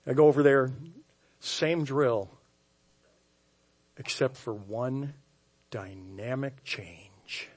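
A man preaching a sermon as pastor, telling a story with wry, self-mocking humor and swinging from hushed tones to loud outbursts. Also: medium pitch, drawn-out words, long pauses, husky. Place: church sanctuary.

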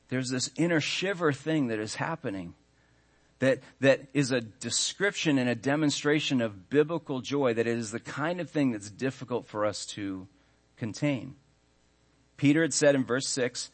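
A man in his thirties, a pastor preaching a sermon earnestly, stressing key words and slowing down when he reads scripture. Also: mid-range voice, a bit bright.

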